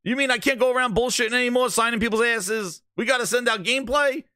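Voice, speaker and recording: A man putting on a squeaky, panicking voice to mock a male gaming executive. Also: pushed and bright, no echo. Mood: panicked. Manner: squeaky, flustered, rapid.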